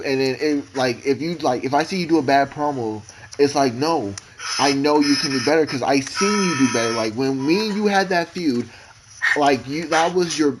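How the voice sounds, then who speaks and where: A man co-hosting a casual podcast, rambling and emotional, with constant halting restarts. His voice sits at an ordinary middle pitch, and a faint hiss runs under it. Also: poor audio. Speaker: podcast co-host.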